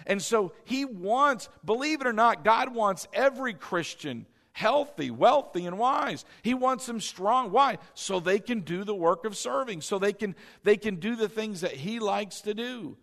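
A man's voice: sits high, expressive, measured pace, few pauses, a bit bright. A man preaching a sermon as pastor, exhorting the congregation, repeating key lines and asking them questions. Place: church sanctuary. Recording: long hall reverb.

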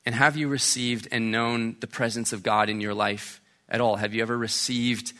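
A man's voice: medium pitch, little pitch movement, normal speed, bright, forceful tone. A man, a pastor, preaching a sermon in a conversational way and often checking in with "right?". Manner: conversational, keeps asking "right?".

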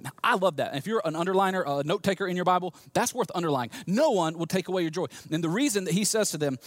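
A man from the US South, preaching a sermon in an emphatic, animated way, often repeating words as he restarts. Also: high voice, fast talker, few pauses, no echo. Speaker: pastor.

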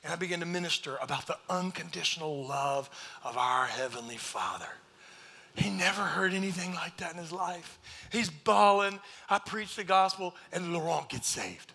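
A man preaching a sermon, telling a story with jokes, now and then shouting, then dropping to a hushed near-whisper. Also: on the high side, moderate pace, creaky, slightly rough. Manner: animated joking storyteller, bursts into shouts. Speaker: pastor.

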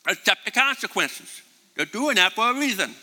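A man with a high, very bright and piercing voice preaches with emphasis, hammering home his points by repeating them. His words ring out with a long reverb, as in a big church hall. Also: big pitch swings, normal speed. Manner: emphatic, repeats key phrases. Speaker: pastor. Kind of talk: sermon.

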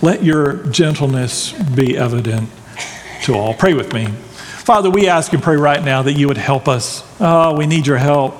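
Pastor preaching, folksy jokes, slightly high voice, long reverb. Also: male voice, moderate pace, a little hiss or hum. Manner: conversational with folksy asides and jokes. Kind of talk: sermon.

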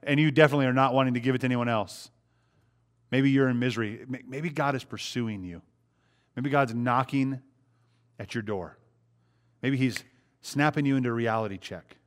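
A man's voice: medium pitch, normal speed, pauses often. A man preaching a sermon in a conversational way, asking the congregation rhetorical questions and acting out short quotes. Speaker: pastor.

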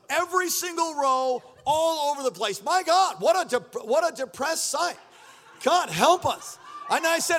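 High-voiced pastor preaching loudly. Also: male voice, moderate pace. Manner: energetic, shouting, call-and-response with congregation. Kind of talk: sermon. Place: church sanctuary.

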